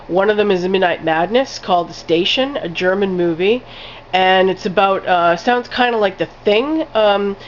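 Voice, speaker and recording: A woman's voice: on the low side, highs cut off, slight background noise. A woman giving a casual spoken film review, rambling with lots of "like" fillers and casual swearing.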